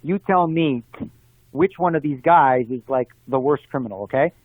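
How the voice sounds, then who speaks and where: A man being interviewed, talking in a fast, animated way and making his point through examples. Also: medium pitch, no room sound. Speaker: guest. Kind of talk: casual interview conversation. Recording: tinny phone line, dry.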